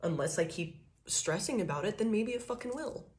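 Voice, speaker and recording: A woman's voice: mid-range voice, animated, fairly quick, darkish tone. A woman giving a casual tarot reading, talking loosely and profanely, laughing often and acting out quoted thoughts. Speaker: tarot reader.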